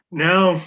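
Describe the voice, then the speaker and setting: A man's voice: high-pitched, sharp tone. A man hosting a movie trivia game, reading clues and laughing easily, over a lo-fi call. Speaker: game show host.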